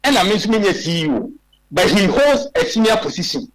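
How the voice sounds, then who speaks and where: High-voiced Ghanaian man arguing his case. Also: big pitch swings, brisk, poor audio. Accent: Ghanaian English. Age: 40s. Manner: emphatic, fires rhetorical questions. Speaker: radio guest. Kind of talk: heated radio talk.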